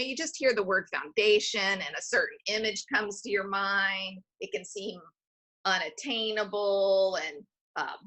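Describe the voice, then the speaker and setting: Bright-voiced woman explaining her foundation's work. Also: medium pitch. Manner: explanatory, often checks in with "right?". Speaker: foundation president and CEO, podcast guest. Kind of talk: conversational interview.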